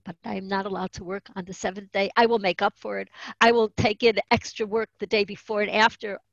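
A woman voicing a soft, resolute teenage girl. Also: mid-range voice, little pitch movement, fairly quick, creaky, no echo, close to an everyday voice. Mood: firm pleading. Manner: soft-spoken and respectful but resolute. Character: polite, firm, devout teenage girl. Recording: dull, muffled dry recording.

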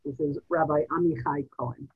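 A woman hosting an online class over a video call, introducing speakers with halting, repeated words. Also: deep voice, husky. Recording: tinny phone-like video call audio.

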